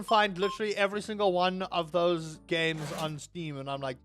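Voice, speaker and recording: A young man streaming a game and chatting to his viewers in a rambling, animated way, ranting half in jest. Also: high-pitched, normal speed, soft background music. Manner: rambling and animated, with self-mocking rants to chat. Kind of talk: casual live-stream chat while playing.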